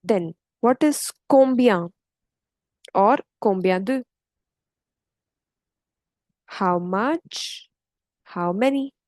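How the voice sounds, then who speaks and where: A woman's voice: medium pitch, animated, very slow, long pauses, darkish tone, no echo, rough recording. A woman teaching French grammar in a patient, step-by-step way, often checking in with "okay". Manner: patient, explains step by step with frequent okays. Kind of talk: online language lesson.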